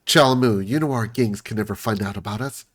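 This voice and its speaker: A man's voice: fairly low pitch, a little fast, a bit bright. A man voicing a passionate female plant-creature gang leader, declaiming in a raised voice. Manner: dramatic, declaiming.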